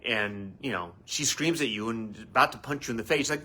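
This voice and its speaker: A man hosting a live advice talk as a family therapist, animated and acting out quoted voices. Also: mid-range voice, fairly quick, few pauses.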